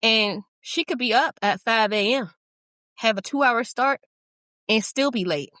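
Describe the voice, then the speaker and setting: A middle-aged woman hosts a relaxed podcast chat, her voice bright and a little high. She talks openly, laughing at herself, and the close mic leaves the sound dry with no room around it. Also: a little slow, no echo. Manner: candid, self-deprecating, chatty with frequent likes and you-knows. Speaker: podcast host.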